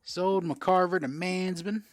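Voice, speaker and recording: A man from South Florida hosts a casual live-stream card sale, chatting and reading out and answering viewer comments as he sells. His voice is high-pitched with fairly even intonation, and he speaks slowly on a dry recording.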